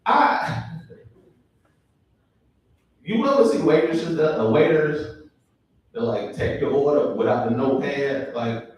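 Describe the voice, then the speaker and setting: A man's voice: fairly high pitch, slow, pauses often, dull audio. Young guy doing standup, chatty and loose, lots of ums, heard from far off in a super echoey room. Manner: relaxed, chatty delivery with frequent ums and asides to the crowd. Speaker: stand-up comedian. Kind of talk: stand-up comedy set. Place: live comedy show in a venue. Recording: distant, very echoey room mic with faint noise.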